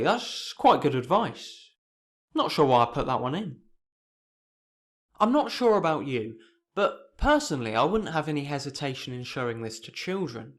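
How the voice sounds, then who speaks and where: A man's voice: fairly high pitch, big pitch swings, normal speed, fairly bright tone, soft background music. A young man narrating a scripted video essay in a dry, sardonic manner.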